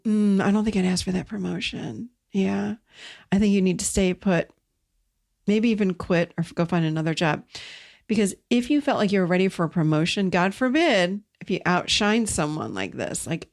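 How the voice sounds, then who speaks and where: A middle-aged woman hosting an advice talk on relationships, speaking emphatically and repeating key words for stress. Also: on the low side. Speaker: podcast host.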